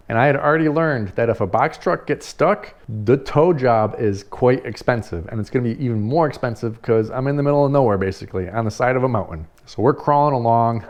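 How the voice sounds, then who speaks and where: Animated, profane man telling a story. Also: mid-range voice. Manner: animated, swears freely, laughs while telling. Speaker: party rental business owner. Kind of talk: casual storytelling.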